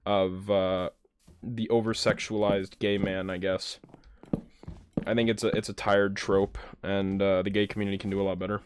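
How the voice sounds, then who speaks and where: A man's voice: on the low side, a little hiss or hum. A man with a nasal voice rambling casually and profanely while playing a video game. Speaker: gaming YouTuber. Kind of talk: casual gaming commentary.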